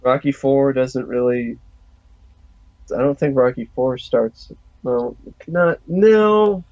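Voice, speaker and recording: A man co-hosting a podcast in relaxed casual chat, agreeing and chiming in. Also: medium pitch, slow pace, dry recording. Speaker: podcast co-host. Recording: dry, slightly muffled mic.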